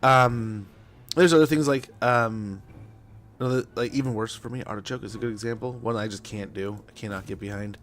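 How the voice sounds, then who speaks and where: A man's voice: on the low side, brisk, a bit bright. A young man chatting casually and rambling while playing a strategy game on stream, with lots of fillers. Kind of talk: casual gameplay chat.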